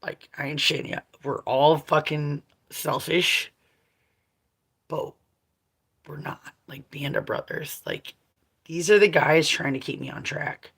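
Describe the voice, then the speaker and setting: A woman's voice: sits low, fairly even intonation, a little slow, vocal fry, fairly bright tone, slightly rough. A woman in her forties talking casually to her viewers in a blunt, profane, rambling way, laughing often. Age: 40s. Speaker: vlogger.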